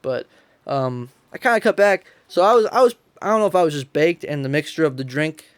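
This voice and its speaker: Young podcast guy, high voice, swears a lot, keeps laughing through his story. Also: lively intonation, a little fast, clear, resonant tone, dry recording. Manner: profane, laughs a lot while telling stories. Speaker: podcast co-host. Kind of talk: casual storytelling.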